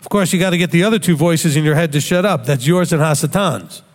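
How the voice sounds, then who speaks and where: A man's voice: on the high side, fast, big-room sound. A man giving a Bible study talk in a conversational teaching manner, tossing in rhetorical questions.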